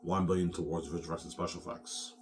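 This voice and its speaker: A man's voice: low voice, flat delivery, fast, distant mic, over music. A man rambling casually to his viewers, repeating himself and tossing in "man" and "yeah". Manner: repetitive, keeps saying "man" and "yeah".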